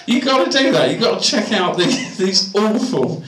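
Comic, high lively voice, rambling, bright tone, roomy club, distant mic. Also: male voice, normal speed. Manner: rambling, mimics posh voices. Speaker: stand-up comedian. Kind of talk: stand-up comedy set. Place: comedy club. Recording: roomy club sound from far off.

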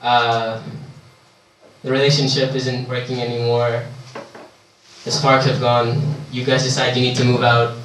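A man doing a stand-up comedy set, telling a long deadpan story with halting restarts. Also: medium pitch, a little hiss or hum. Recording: echoey room, far from the mic.

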